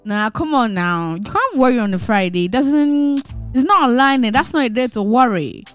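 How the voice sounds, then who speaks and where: A woman's voice: high voice, fairly quick, clean tone, faint music behind. Playful woman radio host. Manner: animated, teasing, jokey. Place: radio studio.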